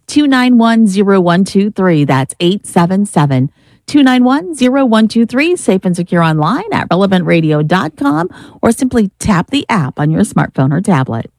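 A woman's voice: medium pitch, very animated, normal speed, darkish tone, no echo, studio quality. A woman co-hosting a radio pledge drive, urging listeners to give and repeating the phone number. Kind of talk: pledge drive fundraising appeal.

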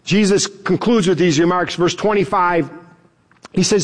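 A man preaching a sermon as pastor, emphatic and animated, chuckling now and then. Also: high-pitched, a little slow.

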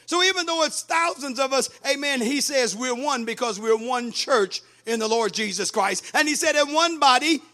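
High, bright-voiced preaching man. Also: lively intonation, moderate pace, hardly any pauses. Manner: emphatic preaching, quoting scripture, rising to shouts. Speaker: pastor. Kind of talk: sermon.

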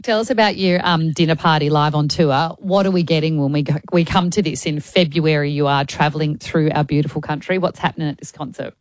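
A woman's voice: low voice, fairly even intonation, brisk, hardly any pauses, no room sound. A woman co-hosting drive-time radio, chatty and curious, asking long rambling questions. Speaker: radio co-host.

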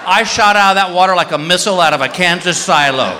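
A fast-talking, high-pitched stand-up comic performs for a live crowd, telling a story and screaming as he acts out the people in it. The background is noisy, and the venue echoes with long reverb.

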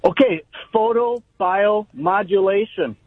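A man's voice: high voice, slow pace, no room sound. A man calling in to a radio show, joking and upbeat. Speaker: caller. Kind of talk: call-in chat. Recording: thin phone line.

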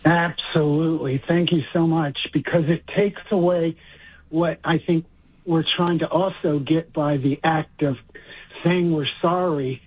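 A man's voice: on the high side, fairly even intonation, unhurried, breathy edge. Male caller on a tinny phone line. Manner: grateful, thinking aloud. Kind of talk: phone-in comment.

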